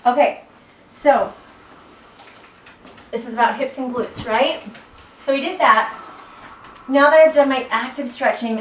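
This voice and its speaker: A woman's voice: fairly high pitch, a bit bright. A woman from South Carolina with a faint Southern accent, chatting playfully as she leads a floor stretching workout while rolling on a tennis ball. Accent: faint Southern American, mostly lost. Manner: chatty and playful, breaks off to chat mid-exercise. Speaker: fitness instructor. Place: echoey room, away from the mic. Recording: roomy echo, distant mic, faint hiss.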